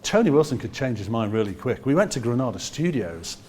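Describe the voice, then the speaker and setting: A man in his sixties from Liverpool with a Liverpool accent, telling anecdotes in a lively way and acting out other people's voices with quick asides. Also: mid-range voice, slight background noise. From Liverpool, England. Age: 60s. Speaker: musician telling stories. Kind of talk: anecdotal storytelling.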